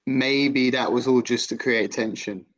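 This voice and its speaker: A man co-hosting a film podcast who talks in a measured way, filling in details and laughing often. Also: mid-range voice, steady tone, poor audio. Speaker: podcast co-host. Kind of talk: casual film-review chat.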